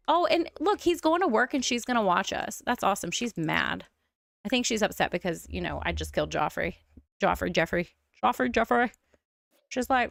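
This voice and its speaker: A woman streamer giving casual, excitable gameplay commentary, thinking out loud as she plays. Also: medium pitch, moderate pace, vocal fry, dry recording, clean studio sound. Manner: chatty, excitable, thinks aloud. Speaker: streamer playing a life-sim game.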